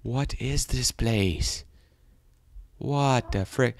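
A young man giving jumpy, frightened let's play commentary, often breaking into loud exclamations. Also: lowish voice, normal speed, no room sound. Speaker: gaming YouTuber.

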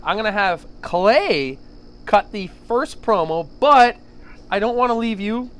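A man hosting a casual podcast, excitable and hammy as he sets up a wrestling-style promo game. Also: high voice, measured pace. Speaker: podcast host.

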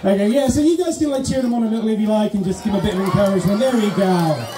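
Man, high voice, mellow tone, teasing contest host, shouted countdowns, echoey outdoor sound with faint crowd. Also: very fast, faint music behind. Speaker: contest compère. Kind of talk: live event hosting. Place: outdoor festival in the sunshine.

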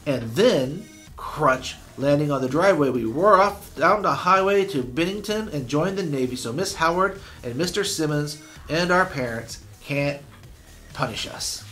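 A man reads a chapter book aloud for a class, steady and unhurried. His voice sits a little high. Soft music plays faintly behind him. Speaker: teacher reading aloud.

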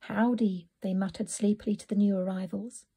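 A woman narrating a children's storybook in a soft, often whispered reading voice. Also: medium pitch, moderate pace, creaky, slightly rough.

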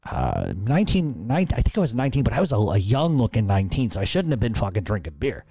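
Low, mellow-voiced man telling rambling stories. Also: huge pitch swings, quick pace, breathy edge, dry recording. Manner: profane, rambling, laughs at own stories. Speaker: podcast host answering listener questions. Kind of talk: casual storytelling Q&A.

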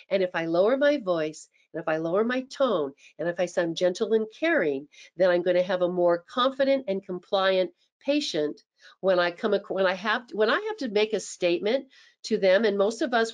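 A woman giving a webinar presentation as a dental practice consultant, chatty and animated, acting out sample phone scripts. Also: medium pitch. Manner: chatty, with frequent restarts.

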